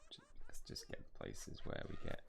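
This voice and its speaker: A man's voice: normal speed, fairly bright tone. A man casually commentating his mobile game playthrough, rambling and joking at himself. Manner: rambling, self-deprecating. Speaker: gaming channel host.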